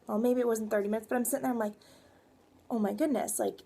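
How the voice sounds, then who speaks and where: A woman's voice: a little high, fairly even intonation, fast, gravelly, mellow, husky. A young woman fitness coach giving a rambling, emphatic motivational talk to her viewers. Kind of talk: motivational vlog.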